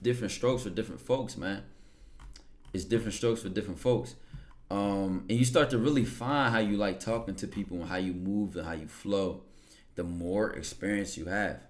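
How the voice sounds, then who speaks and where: Chill guy talking to his stream chat, kinda low voice, rambles and keeps going "right?". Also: a bit bright. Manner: laid-back, rambling, keeps checking in with "right?". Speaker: livestream host. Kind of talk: casual chat to a live audience.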